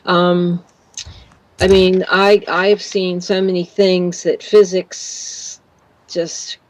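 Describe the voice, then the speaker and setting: Woman from canada, fifties, interview guest, rambling storyteller, low voice. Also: very slow, dull audio. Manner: rambling, animated storytelling with laughs. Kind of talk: casual interview.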